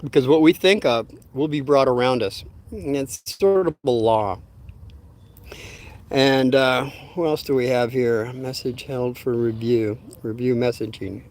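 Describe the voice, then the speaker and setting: An older man telling a rambling, folksy story on a livestream, with many pauses and fillers. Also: mid-range voice, a little mellow. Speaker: livestream host.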